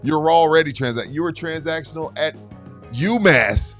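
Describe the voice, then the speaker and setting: A man's voice: fairly high pitch, normal speed, a bit bright, soft background music. A man co-hosting a sports podcast, ranting hotly and mocking the people he quotes. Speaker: podcast co-host. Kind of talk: casual sports chat.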